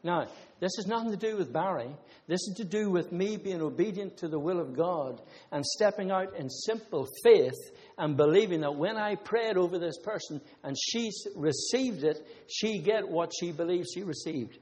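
An Irish man preaches a conversational sermon, weaving scripture together with personal testimonies and side comments to the congregation. His voice is high-pitched, animated and slightly mellow, delivered at normal speed with few pauses. The recording carries a long hall reverb.

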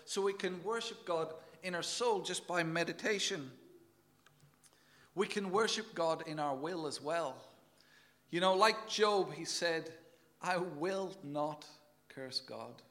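A man's voice: sits high, a little slow, a bit bright. A man preaching a sermon in an earnest, emphatic way, often repeating words as he goes.

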